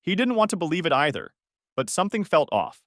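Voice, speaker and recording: A man's voice: fairly high pitch, sing-song, fairly quick, a bit bright, no echo, clean studio sound. A man narrating a dramatic personal story in the first person, telling it with emotion and heat. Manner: emotional, with angry outbursts in quoted lines.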